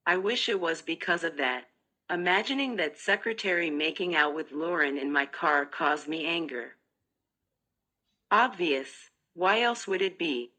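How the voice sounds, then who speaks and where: A woman reads a first-person audiobook in a measured, steady way. Her voice sits low but sounds bright and forceful. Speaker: narrator.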